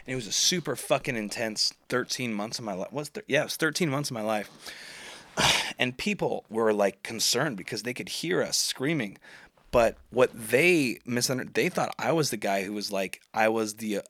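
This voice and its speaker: A man's voice: medium pitch, expressive, normal speed, fairly bright tone, dry recording. A man, telling a story on his podcast in a rambling, profane, self-mocking way. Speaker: podcast host. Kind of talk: casual storytelling monologue.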